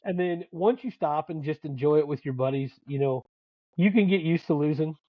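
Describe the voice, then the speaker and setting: A man co-hosting a podcast, telling profane, animated stories in casual sports banter as a dad and coach. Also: fairly high pitch, moderate pace, no echo, highs cut off. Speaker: podcast co-host.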